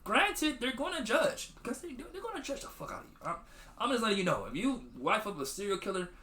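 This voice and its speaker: A man's voice: high voice, sing-song, fast talker, sharp tone, echoey room. A man hosting a podcast, recapping a movie in loose slangy chat full of swearing and acted-out quotes. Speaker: podcast host.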